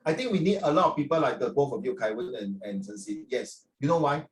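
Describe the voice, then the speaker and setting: A man's voice: mid-range voice, expressive, fast talker. An older man with a Singaporean accent, a teacher lecturing a class in a chatty way, dropping local particles as he talks. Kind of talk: classroom talk to students. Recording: roomy echo, from far off.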